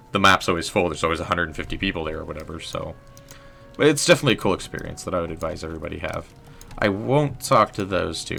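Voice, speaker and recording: A man's voice: deep voice, vocal fry, bright, forceful tone, slight background noise. A young man casually commenting on his gameplay, chatting with viewers and joking at his own expense. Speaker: livestreamer and writer.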